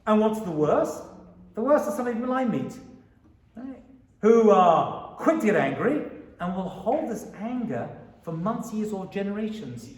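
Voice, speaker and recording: Rabbi guy lecturing, high voice swinging all over, sounds far off in an echoey hall. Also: a little slow. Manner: animated, asks the audience questions. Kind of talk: Torah lecture to an audience.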